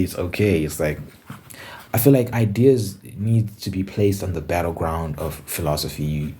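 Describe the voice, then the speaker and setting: Young male vlogger, low and mellow voice, loose rambling delivery, faint room sound behind. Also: slight background noise. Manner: loose, rambling, restarts his thoughts. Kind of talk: casual monologue to camera.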